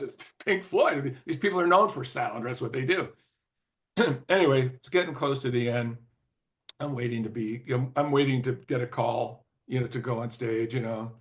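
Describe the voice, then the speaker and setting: Older male interview guest with a mid-range voice, storytelling, throat-clearing, filler-heavy, chuckling. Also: medium pitch. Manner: lively, laughs often, many "you know" fillers and restarts. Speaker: interview guest, former record executive. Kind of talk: anecdotal storytelling in conversation.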